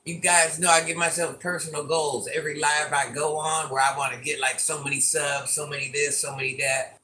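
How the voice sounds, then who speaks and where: A woman's voice: low-pitched, little pitch movement, brisk, bright, forceful tone, slight background noise. Teasing woman around fifty. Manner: chatty and teasing, repeats lines playfully, calls herself Granny. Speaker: livestreamer. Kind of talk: casual livestream chat, reading viewer comments aloud. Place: living room, lying down.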